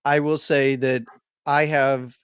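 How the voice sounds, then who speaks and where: A man's voice: mid-range voice, flat delivery, slow pace, smooth, no room sound. A man co-hosting a casual show, laughing often as he banters. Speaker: co-host.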